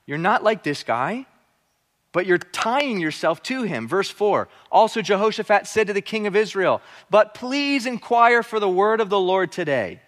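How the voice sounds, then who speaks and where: A man preaches through a Bible passage with animated energy, slipping into voices for the characters. His voice sits notably high for a man. The sound rings with the long reverb of a large hall. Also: normal speed. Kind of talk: expository sermon.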